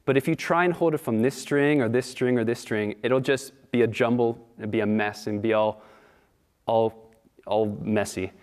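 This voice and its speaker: A man's voice: mid-range voice, fairly even intonation, normal speed, smooth. A man giving a Sunday service talk in an easy storytelling sermon style, often asking his listeners questions. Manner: warm storytelling, asks the audience questions.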